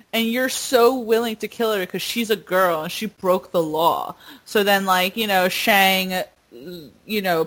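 A woman in casual chat, retelling with animated, swearing enthusiasm and getting emotional. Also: medium pitch.

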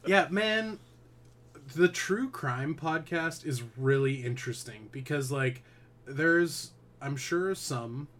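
A man's voice: fairly high pitch, slow, fairly bright tone. A man co-hosting a podcast, chatting casually and joking playfully. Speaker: podcast co-host. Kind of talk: casual chat.

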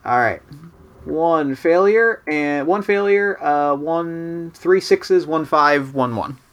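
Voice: medium pitch, slow, clear, resonant tone. A tabletop game player describing their character's actions in first person, often stammering and restarting.

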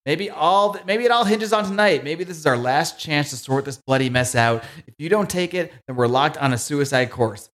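A man's voice: fairly high pitch, animated, normal speed, few pauses, a bit bright. A man voicing an earnest male vigilante who pleads with his foe to stop fighting. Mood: pleading.

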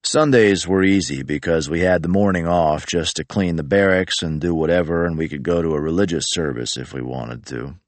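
A man narrating an audiobook in a deadpan, matter-of-fact way. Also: low voice, moderate pace, hardly any pauses, no echo.

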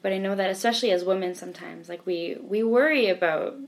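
A woman's voice: mid-range voice, fast talker. A woman hosting a faith interview, asking searching questions thoughtfully with "like" fillers. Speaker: podcast host. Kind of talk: conversational interview.

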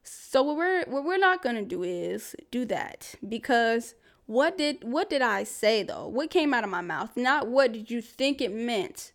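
On her solo podcast, this host speaks in a voice on the high side with lively intonation and a measured pace. Her life-advice talk is candid and chatty, sprinkled with fillers, asides, and laughter.

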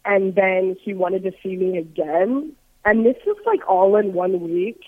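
A woman's voice: medium pitch, animated, measured pace, dry recording. A young woman calling in to a radio show from abroad, chatting casually and saying "like" constantly. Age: young adult. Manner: bubbly, says "like" a lot. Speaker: caller. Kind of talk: casual phone call. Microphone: phone. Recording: dull phone line.

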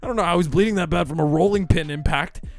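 A man's voice: a little high, rapid-fire, creaky, background noise. A man co-hosting a podcast, telling stories in casual chat, swearing often and laughing as he acts out what people said. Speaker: podcast co-host.

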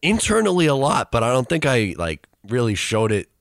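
A man's voice: mid-range voice, huge pitch swings, brisk, vocal fry, no room sound, studio quality. A young man co-hosting a casual chat, rambling through an anecdote and laughing as he tells it. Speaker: co-host, student radio reporter.

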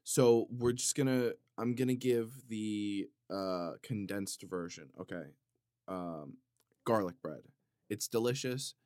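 A man reading viewer comments in a casual comedic monologue, playfully indignant, swinging from loud outbursts to low muttering. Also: slow pace, dry recording, clean studio sound. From Italian heritage.

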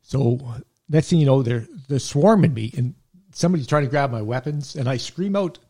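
A man's voice: mid-range voice, expressive, normal speed, dark tone. A middle-aged man, a veteran paramedic, telling rambling war and work stories in a laid-back way with frequent chuckles. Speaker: guest, veteran paramedic and army medic. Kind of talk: casual storytelling.

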